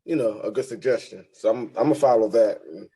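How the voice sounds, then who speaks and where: A man speaks on a video call from his office, a new sales agent sharing his struggles. He talks in a halting way, stopping and restarting his sentences. His voice is on the low side. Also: poor audio. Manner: halting, restarts often with fillers. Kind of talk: casual talk on a video call.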